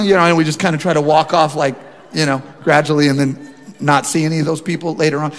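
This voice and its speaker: A man in his forties preaches from the pulpit with a somewhat high voice, moving from casual storytelling into emphatic, animated delivery. His words ring out with a long reverb from the church sanctuary. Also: fast talker. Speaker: pastor. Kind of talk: sermon.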